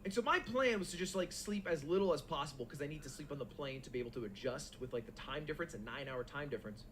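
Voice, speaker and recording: A young man telling a long, animated story in casual, profane chat as a stream co-host. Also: a little high, fast, a little hiss or hum. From United States.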